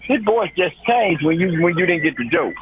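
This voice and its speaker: A man's voice: high-pitched, animated, moderate pace. A man calling into a radio show from a grocery store, laid-back and chuckling, saying "yeah" often. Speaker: caller. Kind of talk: casual phone-in chat. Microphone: phone. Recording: tinny phone line with faint hiss.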